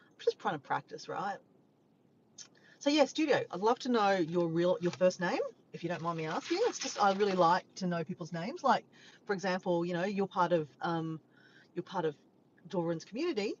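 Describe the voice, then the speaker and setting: A woman from Australia with an Australian accent, chatting casually and warmly with live viewers, sometimes breaking into bits of song. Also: on the low side, expressive, fairly quick. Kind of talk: casual live-stream chat. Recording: dull lo-fi sound with faint background noise.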